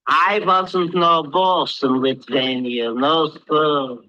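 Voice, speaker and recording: A man's voice: fairly high pitch, fairly even intonation, takes it slowly, sharp tone, dry recording, dull audio. An actor playing a wry old Jewish immigrant man who was once a peddler, speaking.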